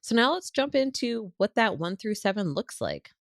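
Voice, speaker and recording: A woman's voice: medium pitch, sing-song, normal speed, no room sound, clean studio sound. A woman co-hosting a casual podcast, explaining clinical terms in a playful, plain way. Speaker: podcast co-host, speech-language pathologist.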